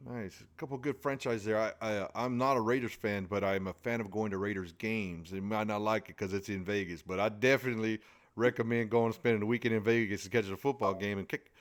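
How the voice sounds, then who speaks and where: A man's voice: on the low side, fairly even intonation, fast talker. Male podcast host, drawl, folksy, joking, casual interview chat. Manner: joking, folksy, lots of restarts.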